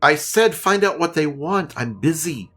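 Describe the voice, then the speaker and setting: A man's voice: on the low side, lively intonation, slow pace, fairly bright tone, breathy edge, full character voice. A man voicing a stern, bossy elderly priestess in a tabletop game. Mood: shouting, bossy. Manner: commanding, clipped orders.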